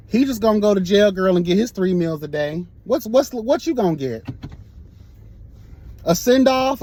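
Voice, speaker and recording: Recorded on a phone while he drives, a male vlogger delivers a fired-up, sassy monologue of straight talk. His voice sits high with a darkish tone, and he's emphatic, repeatedly addressing listeners as "girl."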